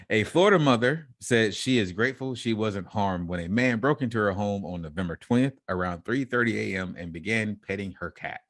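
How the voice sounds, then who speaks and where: A man with a low voice co-hosts a laid-back podcast. He reads out news stories and breaks off to joke about them. His voice sounds close and dry, with no room around it. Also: normal speed, a bit bright, no echo. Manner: reads headlines, then riffs and laughs between lines. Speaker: podcast co-host. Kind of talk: casual podcast chat, reading news stories aloud.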